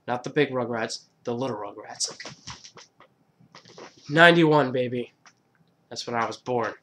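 Young male vlogger, twenties, loose casual delivery with swearing, average pitch. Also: measured pace, sharp tone, slight background noise. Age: 20s. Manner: loose, swearing, laughs at himself. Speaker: YouTuber. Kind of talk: casual countdown vlog.

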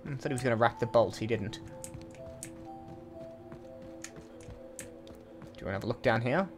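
A man's voice: medium pitch, normal speed, soft background music. Chatty man narrating his gameplay. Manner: chatty, thinks aloud with asides. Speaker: let's play host. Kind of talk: casual game commentary.

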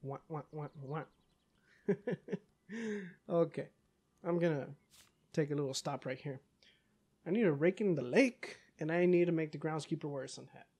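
Excitable young man cursing over gameplay. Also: fairly high pitch, normal speed, pauses often. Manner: excitable, curses, talks back to game characters, yells in bursts. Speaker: gaming YouTuber. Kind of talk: casual let's-play commentary.

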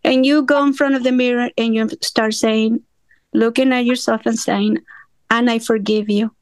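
A woman's voice: a little high, little pitch movement, normal speed, clear, resonant tone, dry recording. A woman in a study group sharing a personal testimony over a remote call, talking earnestly with small grammar slips. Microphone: remote call audio.

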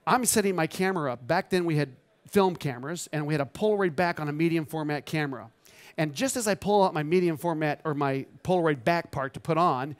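A man in his fifties, a photographer giving an animated, motivational storytelling talk on a trade show stage. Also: a little high. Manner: animated, acts out quoted dialogue.

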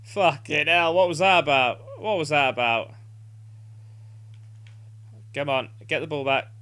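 A man's voice: on the high side, unhurried, bright, forceful tone, clean tone. A young man playing a football video game live, urging his team on and swearing in frustration. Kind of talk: live gameplay commentary.

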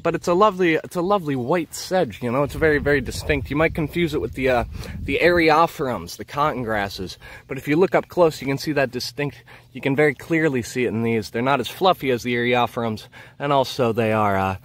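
An enthusiastic man guides a walking plant tour through a bog, talking into the handheld camera he is filming with. He rambles and stops to marvel at each find, at a middling pitch. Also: brisk, slight background noise. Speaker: nature vlogger. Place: outdoors in a peat bog.

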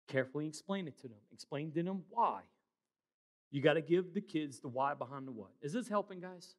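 A middle-aged man preaching a sermon as pastor, loud and emphatic with quieter asides. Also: fairly high pitch, lively intonation, brisk.

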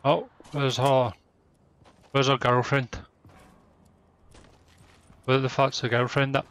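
A man's voice: mid-range voice, little pitch movement, slow pace, fairly bright tone, clear, resonant tone. A man giving angry, swearing commentary while playing a shooter game. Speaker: gamer. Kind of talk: gameplay commentary.

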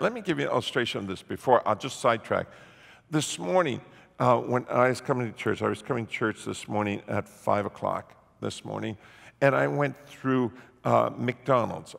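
A man preaching as a pastor, telling a lively personal story in a sermon and acting out the people in it. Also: medium pitch, vocal fry. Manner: animated storyteller acting out quoted voices. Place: church sanctuary. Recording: church hall reverb.

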